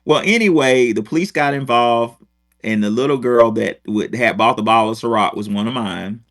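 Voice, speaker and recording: This is a middle-aged man telling a long story in casual chat. He swears often and wanders off into asides while his voice sits at an ordinary middle pitch. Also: moderate pace. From Rochester, New York. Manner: profane, digressive, animated. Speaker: podcast host, former teacher.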